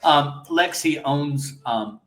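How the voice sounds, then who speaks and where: A man's voice: on the high side, takes it slowly, a bit bright, roomy sound. Enthusiastic man telling business stories. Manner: enthusiastic, storytelling. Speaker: guest, AI business owner. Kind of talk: casual interview.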